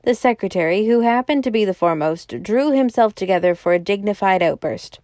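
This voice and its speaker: Woman audiobook narrator, measured, mellow, dry close read. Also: mid-range voice, expressive, no room sound. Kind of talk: scripted narration.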